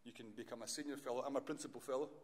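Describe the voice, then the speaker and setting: A man's voice: medium pitch, steady tone, racing. Rambling man lecturing in a hall. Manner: rambling, self-correcting, chatty. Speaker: university lecturer. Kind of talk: lecture talk.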